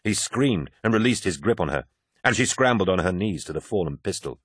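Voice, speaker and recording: Male narrator, very deep voice, steady measured reading, dry close recording. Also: breathy edge, no room sound. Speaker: audiobook narrator. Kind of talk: scripted narration.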